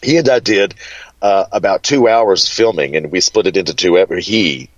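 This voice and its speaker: A chatty, flamboyant man from Kentucky with a Southern twang and a low voice. He rambles through stories in an easy, casual way. The sound is dull and dry, with no room echo. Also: normal speed. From Kentucky, USA. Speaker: guest. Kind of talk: casual interview chat.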